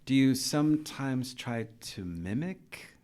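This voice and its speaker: A man's voice: mid-range voice, expressive, takes it slowly, a little mellow. A man hosting a podcast interview, casual and chatty, firing questions and saying "okay" and "dude" often. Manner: chatty, asks many questions, says dude and okay a lot. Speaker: podcast host.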